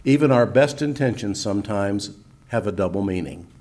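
Older preacher with a gravelly voice. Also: male voice, fairly low pitch, lively intonation, darkish tone. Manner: reads scripture slowly and solemnly, folksy asides. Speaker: preacher teaching evangelism. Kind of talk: sermon-style teaching.

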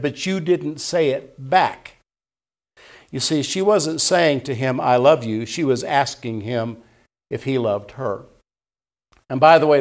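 A pastor preaching an earnest sermon to his congregation, leaning on repeated words and reading scripture aloud. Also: medium pitch.

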